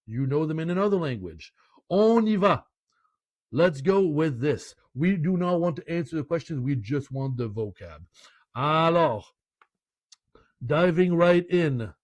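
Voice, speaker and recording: A man from Canada gives an online French lesson at a slow, unhurried pace. He is chatty and playful and keeps slipping French phrases into his English explanations. The recording is dry and close, with no room sound. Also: on the high side, expressive, no echo. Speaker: French language teacher.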